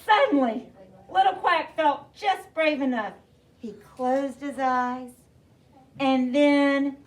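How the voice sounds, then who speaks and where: A woman teacher reading a picture book aloud to her class in an animated way, asking the children questions. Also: high-pitched, takes it slowly. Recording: distant mic, faint noise.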